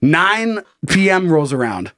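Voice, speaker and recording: A man's voice: on the high side, takes it slowly, dry recording, studio quality. A man co-hosting a comedy podcast, telling a story with lots of laughter, swearing and acted-out voices. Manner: animated storyteller, acts out voices and shouts, laughs a lot, swears freely. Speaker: podcast co-host. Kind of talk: casual comedic chat.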